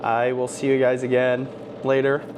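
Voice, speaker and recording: A man's voice: mid-range voice, completely flat delivery, moderate pace, background noise. A man hosting a cooking live stream from his home kitchen, chatty and upbeat, talking straight to his viewers. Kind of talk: casual live-stream chat.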